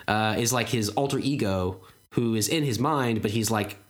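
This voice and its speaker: A man's voice: fairly low pitch, normal speed. Podcast co-host, man, 30s: loose rambling casual chat, full of fillers. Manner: rambling, many fillers and restarts.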